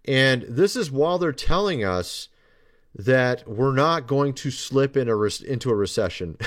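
A man's voice: medium pitch, expressive, takes it slowly. A man hosting his own podcast, talking in a loose, rambling way and turning sarcastic often. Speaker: podcast host. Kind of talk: casual commentary monologue.

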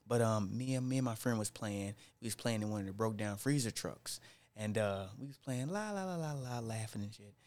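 This storyteller in a group chat is a man whose voice sits on the low side and moves a little fast. He spins his tale in loose, slangy language, acting out quotes with plenty of animation.

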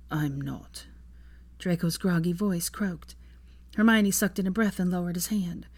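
Low-voiced woman reading a story. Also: darkish tone. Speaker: fan fiction reader. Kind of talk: storybook narration.

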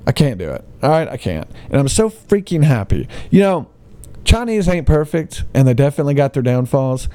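A man's voice: mid-range voice, big pitch swings, brisk, dark tone, no room sound. A man ranting to camera in a heated, emphatic, sarcastic monologue as a vlogger.

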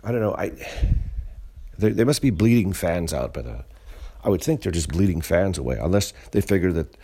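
A man's voice: rumbling low, warm tone, husky. A man hosting a solo podcast, ranting bluntly and profanely in a rambling, disgruntled way with frequent restarts. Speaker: podcast host. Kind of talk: solo monologue rant.

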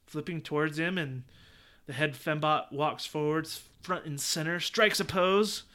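A man's voice: a little high, unhurried. A man co-hosting a podcast, chatting casually and jokily, acting out movie lines. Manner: animated, jokey, acts out movie lines. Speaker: podcast co-host. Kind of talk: casual chat.

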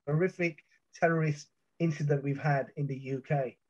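The muffled, dull podcast audio carries a middle-aged man from the UK, a guest who intensely relives a personal ordeal with vivid detail, false starts and swearing. He speaks at normal speed in a fairly high, darkish voice with fairly even intonation.

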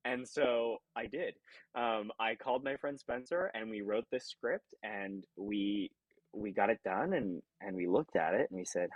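A man with a low, somewhat husky voice speaks as a podcast guest, earnest and reflective. Every so often he acts out remembered thoughts with sudden leaps in pitch. The sound is dry and close, with no room around it. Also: lively intonation, moderate pace, a bit bright, no echo, low-quality recording. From California. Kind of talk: conversational interview.

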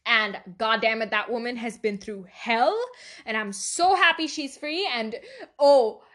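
A woman's voice: a little high, measured pace, fairly bright tone. A teenage girl hosting a casual solo podcast, chatty, swearing a lot and laughing often. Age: teens. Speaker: podcast host.

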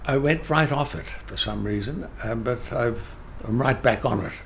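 A man's voice: medium pitch, moderate pace, gravelly, background noise. An older man, a theatre director telling emphatic anecdotes in an interview, often restarting his sentences. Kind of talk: interview conversation.

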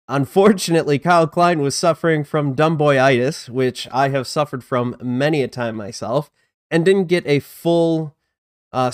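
A man with a medium-pitched voice, recorded with clean studio sound and no echo, hosts a casual live-streamed disc golf news show. He chats loosely and self-deprecatingly while greeting viewers in the chat.

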